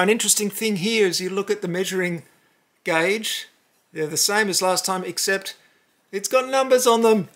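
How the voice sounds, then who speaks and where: Man, host, casual unboxing commentary, animated, playful mock outrage, big cheery outbursts. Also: on the high side.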